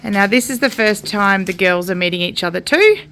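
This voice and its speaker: A woman's voice: mid-range voice, animated, a little fast, a bit bright. An Australian woman filming a casual farm vlog in an outdoor milking shed, explaining her work to viewers and cooing soothing praise to a cow. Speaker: homesteader vlogger.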